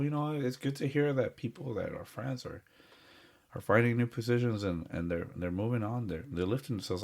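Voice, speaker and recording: A man co-hosting a podcast, talking in an earnest, heartfelt and rambling way with lots of fillers. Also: low-pitched. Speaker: podcast co-host. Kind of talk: casual chat.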